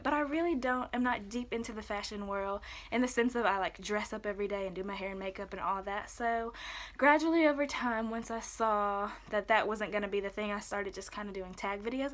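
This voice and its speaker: Young woman vlogger, quick and chatty, lots of likes and ums, upbeat sit-down talk. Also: mid-range voice, fairly bright tone. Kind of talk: casual chat to camera.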